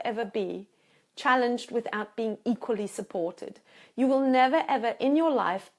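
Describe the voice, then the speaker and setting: A woman with a fairly high voice coaches viewers straight into her own camera. She talks in an emphatic, encouraging way and repeats words for stress. She slips into anxious made-up inner voices to make her points. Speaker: life coach. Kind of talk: motivational talk to camera. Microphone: self-filmed camera.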